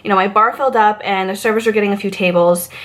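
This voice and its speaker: A woman from Massachusetts rants through a storytime vlog about bartending. She talks in a chatty, animated way, full of fillers and asides. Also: medium pitch, quick pace. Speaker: vlogger, former bartender. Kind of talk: storytime rant.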